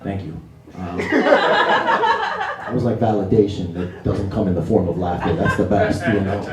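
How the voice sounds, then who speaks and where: A man's voice: on the low side, huge pitch swings, unhurried, a loud crowd. A young man from New City, doing a conversational stand-up set in a small comedy club, tagging lines with "you know?" and acting out quoted voices. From New York City. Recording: roomy club audio from a distance with audience laughter.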